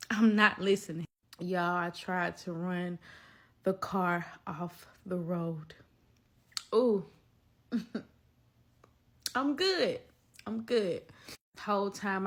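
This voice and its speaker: A woman, telling a personal story in a lively vlog and talking straight to her viewers. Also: mid-range voice. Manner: animated, talks straight to viewers. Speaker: vlogger.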